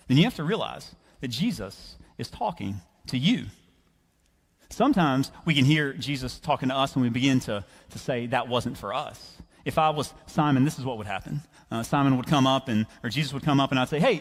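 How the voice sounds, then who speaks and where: A man preaching a sermon in a church, animated and conversational as he tells a story. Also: mid-range voice. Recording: reverberant church hall.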